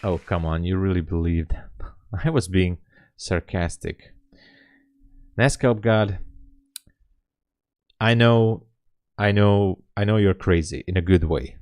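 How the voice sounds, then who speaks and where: A man's voice: low-pitched, slow, pauses often, darkish tone, no echo. A man hosting a live day-trading stream, chatting casually with viewers and greeting them by name. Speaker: livestream host and day trader. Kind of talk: casual livestream chat.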